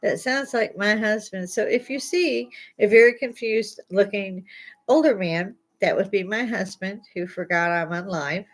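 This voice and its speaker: A woman's voice: mid-range voice, measured pace. An older woman hosting a casual livestream from home, rambling and blunt, laughing often. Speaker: livestream host. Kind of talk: casual live chat. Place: home, indoors.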